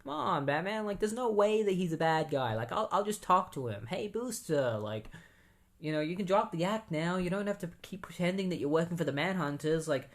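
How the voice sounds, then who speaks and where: A man voicing a naive, easygoing male superhero in a higher, chummy voice. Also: animated, fairly quick.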